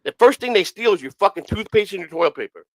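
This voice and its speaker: Fast-talking profane man telling stories. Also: high-pitched, expressive, dry recording, poor audio. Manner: profane, rambling, repeats himself. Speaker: podcast host. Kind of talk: casual storytelling.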